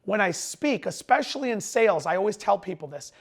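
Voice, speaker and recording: A middle-aged sales trainer, tired after a long lecture, coaches salespeople directly to camera. His high, bright voice has vocal fry, and he is very animated, speaking fast and emphatically, sometimes slurring words together, with weariness beneath the energy.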